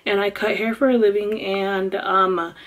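A woman's voice: mid-range voice, flat delivery, measured pace. A young woman chatting casually to her camera at home, rambling with lots of ums. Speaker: vlogger. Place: at home, sitting down.

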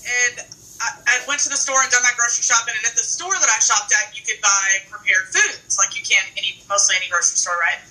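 A woman's voice: a little high, steady tone, fast, sharp tone, distant mic, rough recording. A woman guest telling a story in a chatty, easygoing way. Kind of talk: casual chat.

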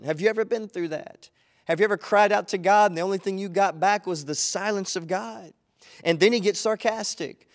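A man's voice: fairly high pitch, moderate pace. A man preaching a sermon as pastor, reading scripture dramatically and asking the listeners pointed questions with rising feeling.

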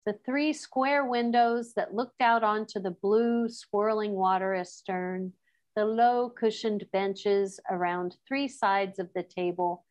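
A woman teacher reading a children's novel aloud to her class, unhurried, with chatty asides and quick self-corrections. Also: medium pitch, fairly even intonation, a little mellow. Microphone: class recording.

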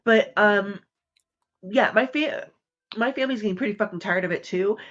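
A woman talking hesitantly in halting casual stream chat. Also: medium pitch, a bit bright, muffled recording.

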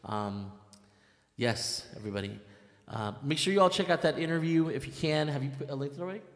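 Excitable man, echoey long-reverb room. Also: on the high side, fairly quick. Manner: excitable, rambling, lots of fillers and restarts. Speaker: band leader and live stream host. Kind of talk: casual live stream chat.

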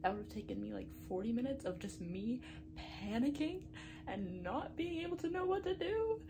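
Young woman book vlogger, slightly high voice with some vocal fry, casual and nervy, noisy home recording. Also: big pitch swings, moderate pace. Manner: chatty, breathless, dips into whispers when anxious. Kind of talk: casual reading vlog. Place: bedroom at night.

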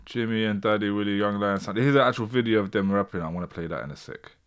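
Chatty low-voiced British man, thinking aloud. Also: quick pace, clean tone. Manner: chatty, thinking aloud, reads out viewer comments. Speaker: host. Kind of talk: casual livestream chat.

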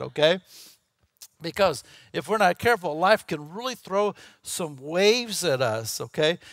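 A man's voice: on the high side, a bit bright, dry recording, clean studio sound. A man preaching a sermon in a folksy, conversational way, often checking in with "okay?" and "right?". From Texas. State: clearing his throat, voice catching. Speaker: pastor.

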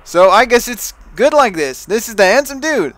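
A man's voice: extremely high pitch, very animated, moderate pace, fairly bright tone. A young man with a Dutch accent, chatting casually and thinking aloud as he plays a video game. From Netherlands. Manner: chatty, thinks aloud with restarts and self-talk. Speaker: let's play gamer.

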